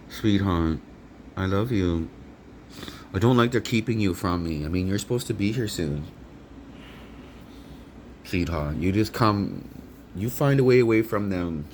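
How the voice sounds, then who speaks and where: A man's voice: sits low, darkish tone, a little hiss or hum. A man rambling angrily and profanely in a monologue vlog, outdoors. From Canada. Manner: angry, profane ranting. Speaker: vlogger.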